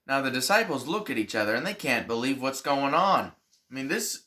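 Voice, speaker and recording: A male pastor telling a Bible story as a Sunday school lesson, animated and then dropping to soft tones for emphasis. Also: fairly high pitch, normal speed.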